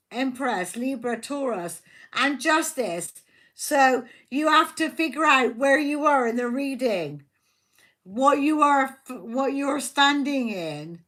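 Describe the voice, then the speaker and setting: A woman's voice: on the high side, fairly bright tone. A woman hosting a live tarot stream, chatting casually and rambling, repeating herself and talking to her viewers. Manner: talks to viewers by name, affectionate.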